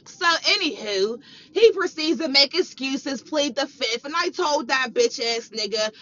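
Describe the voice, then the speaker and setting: Young woman ranting a storytime, high sharp voice, lots of swearing, kinda muffled lo-fi audio. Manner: profane, heated, repetitive ranting. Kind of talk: casual storytime rant. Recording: dull lo-fi recording.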